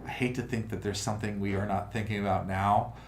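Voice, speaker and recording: A man hosting a casual livestream chat, talking in an animated, rambling way full of restarts. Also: lowish voice, fast. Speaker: crypto project host. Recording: roomy room with faint noise.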